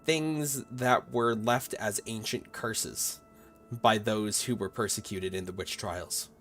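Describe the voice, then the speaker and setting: A man as game master, narrating a tabletop horror game in a measured, slow way with hesitations. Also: on the low side, fairly bright tone, faint music behind.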